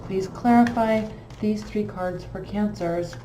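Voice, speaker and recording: A woman's voice: mid-range voice, takes it slowly, echoey room, noisy background. Blunt, emphatic woman reading tarot. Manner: blunt, emphatic, repeats phrases for stress. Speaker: tarot reader.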